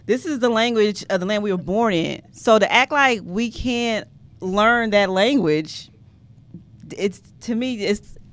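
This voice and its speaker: A woman's voice: medium pitch, unhurried. A woman hosting a podcast, giving her opinions in casual chat and laughing often. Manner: animated, laughs often, emphatic. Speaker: podcast host.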